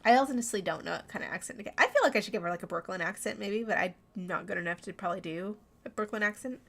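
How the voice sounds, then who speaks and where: A woman's voice: mid-range voice, fast talker, vocal fry, fairly bright tone. A young woman streaming a game, chatty and self-mocking in casual commentary. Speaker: vtuber streamer.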